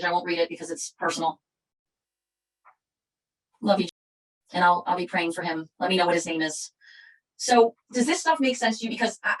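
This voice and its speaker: A woman's voice: mid-range voice, low-quality recording. A middle-aged woman giving a fervent, preachy motivational speech as a leader of a sales company. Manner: fervent, preachy, rapid-fire. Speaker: MLM company leader giving a training talk.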